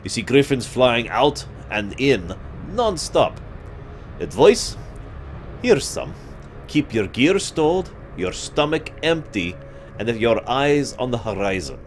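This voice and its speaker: A man reading a gruff, blunt dwarf wing commander in a put-on dwarf accent. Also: mid-range voice, big pitch swings, takes it slowly, slight background noise, voice pushed up. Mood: briskly commanding.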